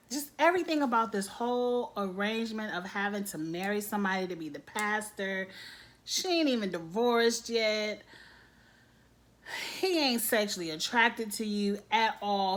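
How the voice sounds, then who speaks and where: A woman giving a casual, blunt TV episode recap, acting out characters' lines with lots of slang. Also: medium pitch. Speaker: TV recap vlogger.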